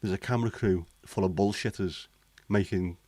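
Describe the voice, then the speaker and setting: A man's voice: low-pitched, fairly even intonation, moderate pace, dark tone, dry recording. A man chatting casually on a livestream, blunt, sweary and cynical. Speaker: livestream host. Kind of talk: casual chat.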